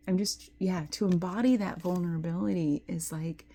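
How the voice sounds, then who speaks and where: A middle-aged woman giving an intuitive tarot reading to camera. She is tearful and tender, and drifts into soft whispers when she is moved. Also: on the low side, fairly even intonation, moderate pace. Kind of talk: emotional spiritual talk to camera.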